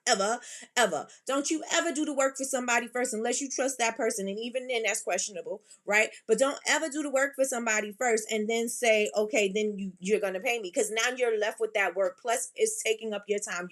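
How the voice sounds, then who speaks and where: A middle-aged woman talking straight to her viewers on a casual livestream. She is emphatic and repetitive, driving each point home like a sermon. Her voice sits at an ordinary, middle pitch. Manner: emphatic, repetitive, preachy advice. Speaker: livestream host. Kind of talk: casual livestream chat reading comments.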